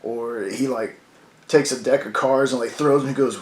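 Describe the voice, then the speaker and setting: A man's voice: mid-range voice, moderate pace. A man casually reviewing a comic book, rambling with many fillers. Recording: roomy echo.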